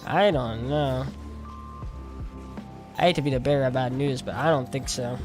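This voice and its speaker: A man's voice: medium pitch, moderate pace, over music. A tired man in his twenties streaming, chatting casually in a rambling, self-mocking way and laughing often. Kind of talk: casual livestream chat while gaming.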